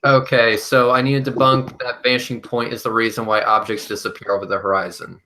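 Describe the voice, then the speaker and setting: A man's voice: mid-range voice, little pitch movement, fairly quick, background noise. A man chatting casually in a group, profane and exasperated as he bickers over claims. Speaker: panel participant debunking claims.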